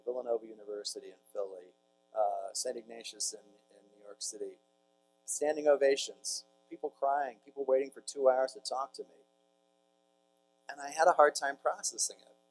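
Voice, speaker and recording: A man's voice: mid-range voice, a little mellow, a little hiss or hum, low-quality recording. A man, a priest speaking to a large audience in a conversational storytelling talk with jokey asides to the crowd. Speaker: priest giving a conference talk.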